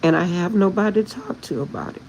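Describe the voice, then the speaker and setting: A woman's voice: fairly low pitch, fast, a little mellow, highs cut off, a little hiss or hum. A woman hosting a spiritual livestream, talking to her viewers in a heartfelt, emotional way. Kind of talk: casual livestream chat with viewers.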